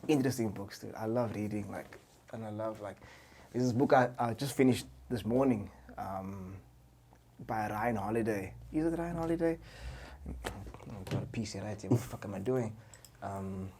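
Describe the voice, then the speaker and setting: A young man, a musician guest on a podcast, telling stories in a loose, excitable way, full of slang and swearing. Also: on the low side, normal speed, a little hiss or hum. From Cape Town, South Africa. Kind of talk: casual chat.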